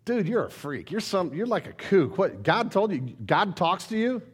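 A man's voice: very high-pitched, very animated, takes it slowly, husky, full character voice. A man voicing a mocking neighbor who scoffs in slang and drags out his words.

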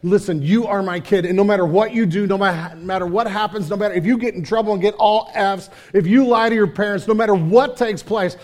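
A man preaching a casual, energetic sermon, full of slang and asides, sometimes dropping to a hushed tone. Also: high voice, brisk, hardly any pauses. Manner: drops to hushed intimate tone. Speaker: pastor.

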